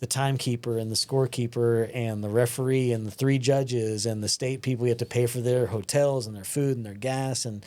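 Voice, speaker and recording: Texan male podcast host, casual and animated, acts out quotes. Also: medium pitch, brisk, few pauses. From West Texas. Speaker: podcast host and gym owner.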